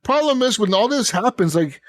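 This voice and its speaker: A man's voice: high voice, animated, normal speed, no echo. A man hosting a podcast, describing a video game in a rambling, profane casual chat. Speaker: podcast host.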